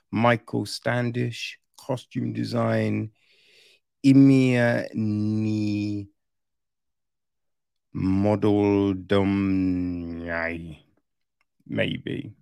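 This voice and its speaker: Gravelly man rambling through a film review. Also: on the low side, steady tone, extremely slow, long pauses, darkish tone, no room sound, clean studio sound. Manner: rambling, conversational, frequent "right?" asides. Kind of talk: casual film review chat.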